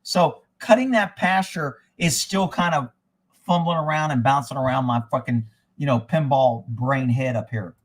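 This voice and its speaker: A man's voice: medium pitch, moderate pace. A man hosting a live stream, talking in a blunt, profane, rambling way from indoors at his rural home. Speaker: livestream host. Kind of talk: casual rambling livestream talk.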